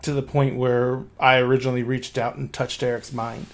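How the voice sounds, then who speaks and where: A man voicing a blunt, wry young woman in a tabletop game, deadpan and swearing casually. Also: medium pitch, moderate pace, lightly acted.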